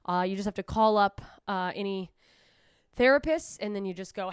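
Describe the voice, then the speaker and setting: A young woman doing a rambling, self-deprecating stand-up set alone to a camera, deadpan with sudden high squeals for quoted voices. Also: fast, clear, resonant tone, no echo, studio quality. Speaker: stand-up comedian. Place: club stage streamed with no live audience.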